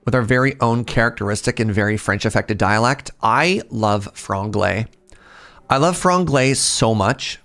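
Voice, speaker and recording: A man's voice: fairly low pitch, a little slow, a bit bright. A middle-aged man from British Columbia with a British Columbia Canadian accent, chatting casually and teasing his viewers while he streams a game. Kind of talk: casual live-stream chat.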